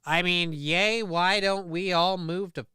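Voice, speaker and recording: A man's voice: high-pitched, steady tone, measured pace, very noisy. A man hosting a livestream show, chatting casually with a profane, sarcastic, rambling manner.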